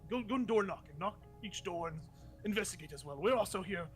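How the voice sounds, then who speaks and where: A man's voice: high voice, expressive, fast talker, soft background music, voice pushed up. A man voicing a beefy, mustached male town guard who gives brusque orders and swears casually in a tabletop game.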